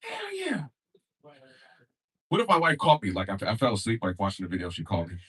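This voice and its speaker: Husky profane young stand-up comic. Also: male voice, sits low, sing-song, racing, fairly bright tone, far from the mic. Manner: loose, profane, acts out characters in shifting voices. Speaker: stand-up comedian. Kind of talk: stand-up set.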